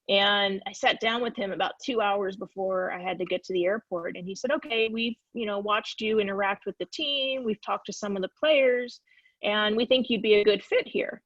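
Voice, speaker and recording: Woman telling lively stories over a dull line. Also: mid-range voice, moderate pace, no echo. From California, USA. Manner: lively storyteller who acts out quoted dialogue. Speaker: guest, former soccer player. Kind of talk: casual storytelling in a video-call Q&A. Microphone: video call.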